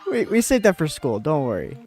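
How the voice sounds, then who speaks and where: A man's voice: fairly high pitch, wildly swooping pitch, fairly quick, a little mellow, husky. A young American man streaming a game, chatting casually and rambling with lots of fillers and restarts. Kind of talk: casual chat while gaming.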